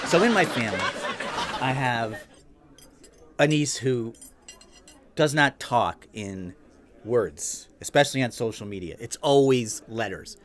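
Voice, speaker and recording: A man telling comic stories in a stand-up routine, wry and animated, acting out what people said. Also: mid-range voice, measured pace, long pauses. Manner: wry and animated, acts out quotes. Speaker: stand-up comedian. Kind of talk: stand-up comedy storytelling.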